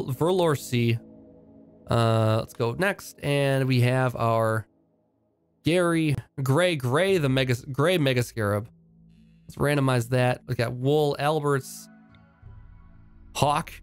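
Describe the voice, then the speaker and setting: A man giving casual, upbeat commentary while playing a video game, thinking aloud with frequent fillers and restarts. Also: medium pitch. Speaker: game streamer.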